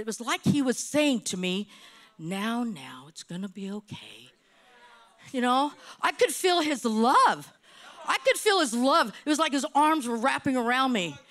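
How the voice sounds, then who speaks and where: Woman, preacher, sermon, impassioned, repetitive emphasis, high, very animated. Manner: impassioned, repeats phrases for emphasis.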